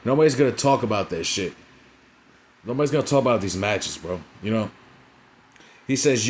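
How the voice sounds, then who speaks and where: A man's voice: lowish voice, animated, normal speed, long pauses, slight background noise. A young man casually recapping a wrestling show, rambling and profane, forever tagging on "right?" and "you know what I'm saying?".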